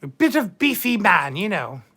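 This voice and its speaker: A woman with a husky, mid-range voice that is a bit bright hosts a live chat as a vain, flirtatious mature duchess. Very animated at a normal speed, she drawls "darling" and trades bawdy innuendo.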